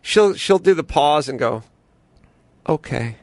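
Animated, swearing male podcast host. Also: mid-range voice, normal speed, no echo. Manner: animated, swearing, does voices. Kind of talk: casual comedic chat and ad reads.

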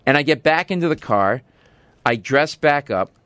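Man telling a story, animated. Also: mid-range voice, moderate pace, dry recording. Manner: animated, acts out voices in his story. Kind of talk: casual storytelling.

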